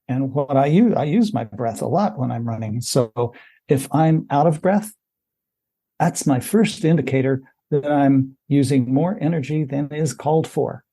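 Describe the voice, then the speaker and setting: A man speaking as a guest on a podcast interview, explaining things in a relaxed, easygoing way with frequent "you know" asides. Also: medium pitch, measured pace, breathy edge. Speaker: podcast guest, running coach. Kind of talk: casual interview talk.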